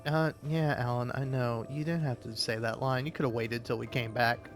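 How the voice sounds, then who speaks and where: A man's voice: medium pitch, fairly even intonation, normal speed, faint music behind. A man giving casual gaming commentary as a let's play host, rambling, swearing and talking back to the game.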